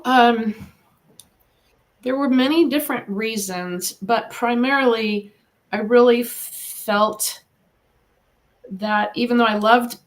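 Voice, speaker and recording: A middle-aged woman from the United States, a guest in an interview, speaking earnestly and encouragingly about her own path. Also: on the high side. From Eastern Washington, US. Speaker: guest, animal communicator. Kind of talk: podcast interview.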